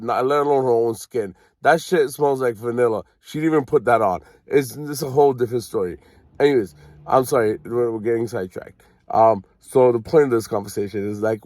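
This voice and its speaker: A man's voice: mid-range voice, darkish tone, no room sound, clean studio sound. A young man from Canada, ranting casually in a profane, rambling and sarcastic way. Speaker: vlogger.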